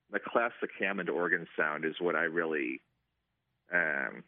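A man's voice: sits low, no echo. A man working as a stadium organist, answering interview questions casually with many ums and restarts. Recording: tinny phone line.

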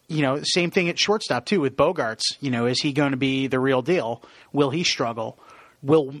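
A man's voice: medium pitch, no echo. A man co-hosting a casual sports podcast, rattling off player stats and chuckling at himself. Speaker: podcast co-host.

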